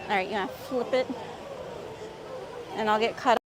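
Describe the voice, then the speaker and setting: A woman hosting a casual live stream outdoors in a busy theme park. She chats upbeat with viewers, a little hoarse, on a handheld phone. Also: fairly high pitch, moderate pace. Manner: chatty and upbeat, reads out viewer comments. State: slightly hoarse, voice cutting in and out. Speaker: livestream host. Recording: loud crowd and outdoor noise.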